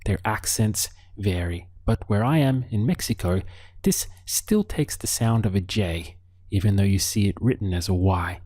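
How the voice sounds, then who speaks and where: Calm, deep-voiced man teaching slowly. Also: dry recording, clean studio sound. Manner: calm, patient, models words slowly for repetition. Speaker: language teacher. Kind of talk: slow, deliberate spoken lesson.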